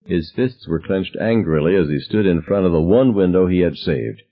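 A man narrating an audiobook in a wry, reflective first-person way, with a husky voice. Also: sits low, expressive, normal speed, few pauses, lo-fi sound.

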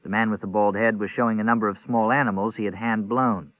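A man narrating a novel in an even, measured reading. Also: fairly low pitch, no room sound. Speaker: audiobook narrator. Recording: tinny phone-like audio, dry.

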